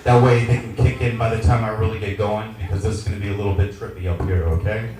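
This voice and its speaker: A man in his forties doing a stand-up comedy set in a small lounge, loud, brash and crude. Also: on the low side, steady tone, fast. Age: 40s. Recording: echoey venue miked from a distance.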